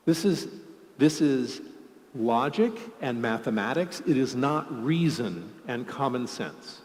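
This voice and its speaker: Lively man giving a conference keynote. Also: medium pitch, takes it slowly. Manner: lively, joking, explains with examples. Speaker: conference speaker. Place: large conference hall. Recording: long hall reverb.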